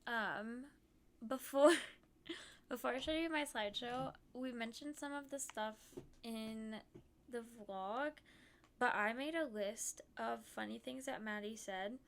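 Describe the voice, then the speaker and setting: A woman's voice: on the high side, slow pace. A young woman streamer recounting a trip in a giggly, chatty way. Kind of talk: casual chat.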